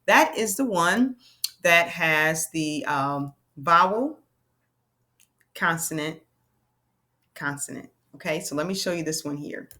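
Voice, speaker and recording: A woman teaching a children's reading lesson in an animated, playful way, slowing down to stress key words. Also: low voice.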